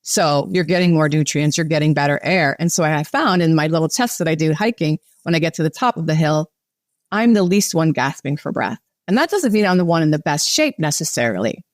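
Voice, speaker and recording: Calm woman guiding breathwork. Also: deep voice, brisk, dry recording, clean studio sound. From United States. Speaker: breathwork facilitator guest. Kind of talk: guided breathing and podcast chat.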